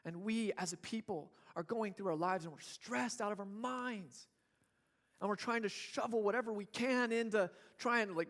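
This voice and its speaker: A man's voice: sits high, normal speed, a bit bright. A young man preaching a sermon in a church, casual and joking, acting out what people and babies say. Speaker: pastor.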